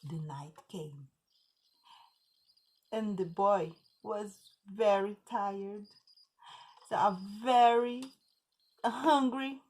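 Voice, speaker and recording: A woman teacher with a Brazilian Portuguese accent telling a children's story in English, slow and emphatic. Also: medium pitch, a little mellow. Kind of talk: storytelling for learners.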